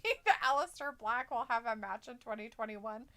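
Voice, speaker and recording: Woman co-host, high and bright, reads chat aloud, laughs a lot. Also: expressive, a little fast. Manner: reads viewer comments aloud, laughs often. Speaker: live-stream co-host. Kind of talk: casual watch-along chat.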